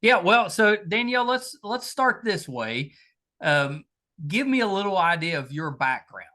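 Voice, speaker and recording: A man with a thick Southern US accent hosts a casual podcast interview. His pitch swings up and down freely as he talks, folksy and eager. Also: unhurried. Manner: folksy, enthusiastic, lively intonation. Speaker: podcast host. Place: home studio in Virginia.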